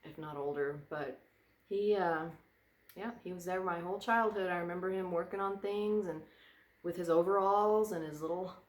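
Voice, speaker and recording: Sitting indoors by a fireplace, a woman vlogger chats casually, rambling and wandering off on tangents. Her voice is fairly low, her speed normal, and the room sounds reverberant.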